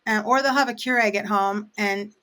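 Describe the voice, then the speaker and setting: A woman coffee roaster talks in a loose, conversational way as an interview guest. She explains at length, dotting her sentences with "um" and "you know". Her voice sits at an ordinary middle pitch. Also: normal speed, bright, forceful tone. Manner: chatty and explanatory, frequent fillers. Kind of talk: casual interview chat.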